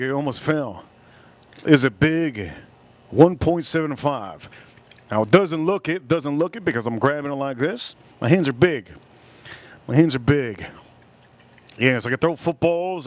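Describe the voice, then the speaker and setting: A man with a Miami accent hosting a casual live stream, rambling and stretching his words out as he reads chat. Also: a little high. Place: cold room at home.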